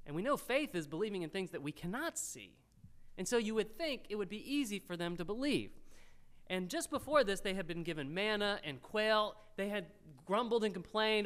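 Animated male pastor preaching. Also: sits high, normal speed, clear, resonant tone. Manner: animated, rises loud when quoting the crowd. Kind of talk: sermon.

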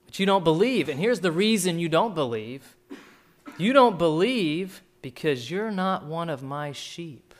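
A man's voice: on the high side, animated, moderate pace. A pastor preaching a sermon, a man who talks emphatically and repeats his key points.

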